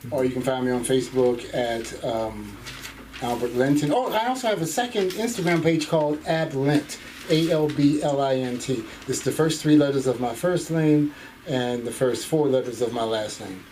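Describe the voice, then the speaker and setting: A man, a comedian, rambling through a thank-you speech in an animated way. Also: mid-range voice, moderate pace. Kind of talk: casual speech to a comedy class. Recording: distant mic with faint room noise.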